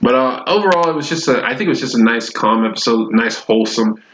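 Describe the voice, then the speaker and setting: A man's voice: mid-range voice, animated, fast talker, highs cut off, noisy background. A man giving a casual, enthusiastic review of a show, rambling with frequent restarts.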